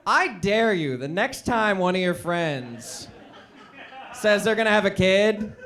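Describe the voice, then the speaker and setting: Male stand-up, 30s, high pitch, rambling self-deprecating delivery. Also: lively intonation, takes it slowly, fairly bright tone. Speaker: stand-up comedian. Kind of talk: stand-up comedy set. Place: theatre stage.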